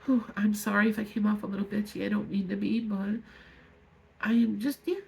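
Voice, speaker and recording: A woman in her fifties speaking to viewers in an emotional personal vlog, angry and tearful, halting as she pours out her feelings. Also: mid-range voice, level tone, darkish tone, low-quality recording. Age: 50s. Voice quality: gravelly, very husky voice. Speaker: vlogger.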